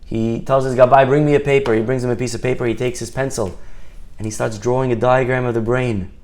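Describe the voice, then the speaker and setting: A man's voice: mid-range voice, fairly even intonation, fast, darkish tone. A man telling a story in a Torah talk, acting out the characters and stretching words for emphasis.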